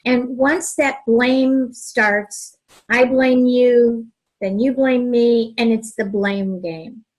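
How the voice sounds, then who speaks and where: A woman co-hosting a relationship advice talk, speaking in a calm, gentle way. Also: a little high, slow pace, rough recording. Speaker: relationship coach, co-host.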